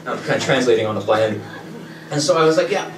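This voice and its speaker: A man telling a funny personal story in an animated, chuckling way, moving between narration and quoted dialogue. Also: medium pitch, quick pace. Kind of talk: live comic storytelling. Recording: echoey and distant with loud ambient noise.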